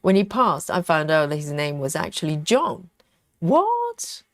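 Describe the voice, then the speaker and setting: A woman's voice: deep voice, normal speed, no echo, clean studio sound. A woman with a British accent hosting a casual live stream, reading viewer comments aloud and musing over them, often breaking into laughter. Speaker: livestream host reading viewer chat. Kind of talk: casual live chat while cross-stitching.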